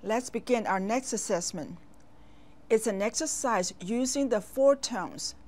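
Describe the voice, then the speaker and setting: A woman teaching as a language instructor, speaking in a slow, deliberate instructional manner with clear, careful enunciation and long pauses. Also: a little high, animated. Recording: voice over soft background music.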